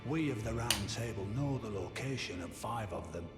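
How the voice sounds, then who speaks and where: An actor playing a scheming male knight-scholar who hoards knowledge, speaking in a measured, formal way in video game dialogue. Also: lowish voice, lively intonation, natural voice. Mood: lordly. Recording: echoey game audio with music.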